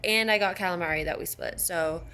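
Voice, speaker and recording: A woman's voice: on the low side, a little fast, sharp tone, slight background noise. A woman vlogger talking casually to camera, chatty and rambling. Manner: chatty, rambling, with restarts and laughs. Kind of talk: casual vlog chat to camera.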